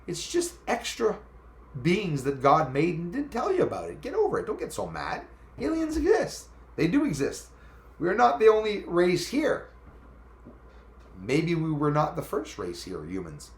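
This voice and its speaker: A Canadian man hosting a live stream, chatting casually in a rambling, animated way and reading out viewer comments. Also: sits high, moderate pace, reverberant. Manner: animated, rambling, talks back to chat.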